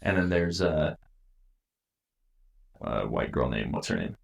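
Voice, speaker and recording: A man with a very low, gravelly voice co-hosts a podcast, bouncing through a loose, teasing chat. His delivery swings up and down with plenty of life. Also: very animated, slow. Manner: joking, rambling, teasing. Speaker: podcast co-host. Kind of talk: casual chat.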